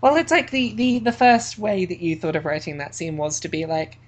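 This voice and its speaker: A woman's voice: fairly low pitch, steady tone, normal speed. Chatty woman hosting a casual chat. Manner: chatty, laughs easily, promotional. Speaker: podcast host and convention track organizer.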